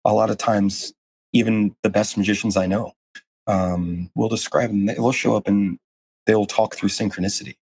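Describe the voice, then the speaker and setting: Low-voiced man, earnest and rambling. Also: fairly even intonation, normal speed, a little mellow, husky. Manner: earnest, rambling, full of fillers and restarts. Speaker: guest. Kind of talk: casual interview conversation.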